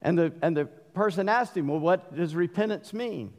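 A middle-aged man with a Southern accent preaching a sermon, mixing forceful emphatic bursts with folksy asides. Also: sits high, normal speed. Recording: long hall reverb.

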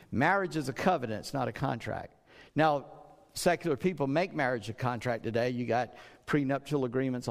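A middle-aged man preaching a sermon in a conversational way, often repeating words and acting out the speech he quotes. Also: medium pitch. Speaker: pastor. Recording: long hall reverb.

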